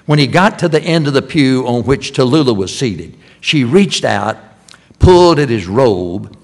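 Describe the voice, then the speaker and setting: An older man preaching a sermon in a church, repeating key phrases and swinging from loud emphasis to hushed lines. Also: medium pitch, lively intonation, a little slow. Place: church sanctuary.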